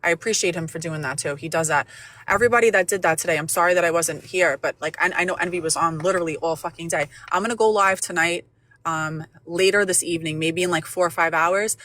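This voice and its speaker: A woman's voice: on the low side, fast talker, fairly bright tone, no echo. A woman hosting a livestream, ranting angrily and swearing often, repeating herself as she talks. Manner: angry, profane, repeats herself. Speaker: livestream host. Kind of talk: heated livestream rant.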